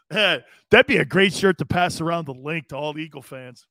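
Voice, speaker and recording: A man hosting a live sports talk show, animated and joking, laughing often and swearing casually as he reads the chat. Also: a little high, a little slow, vocal fry, no room sound, clean studio sound. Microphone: studio mic he adjusts himself.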